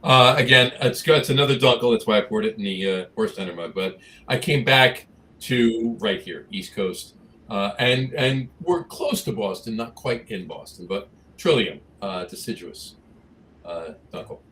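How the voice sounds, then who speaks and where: A man's voice: on the low side, expressive, moderate pace, bright, forceful tone. Rambling male podcast co-host. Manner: rambling, many restarts and fillers. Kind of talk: casual chat about craft beer.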